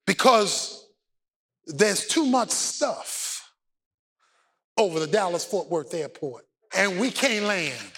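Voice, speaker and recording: A male pastor preaching a sermon, building from steady teaching to fervent, shouted exhortation. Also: sits high, slow, husky.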